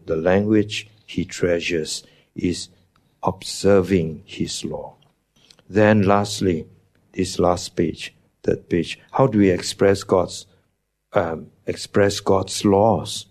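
A man's voice: low voice, takes it slowly, pauses often, a little mellow. A man preaching a teaching sermon, emphatic, his voice jumping up on key words, with non-native English phrasing.

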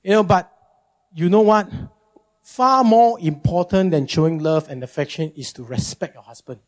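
A male pastor preaches an animated, emphatic sermon at normal speed, often repeating words for effect and jumping into high-pitched mimicry.

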